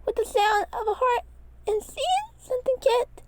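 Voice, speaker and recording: Woman putting on an anxious, high cat-pig girl. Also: expressive, normal speed, darkish tone, dry recording. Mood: worried. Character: female cat-pig creature, earnest and worried.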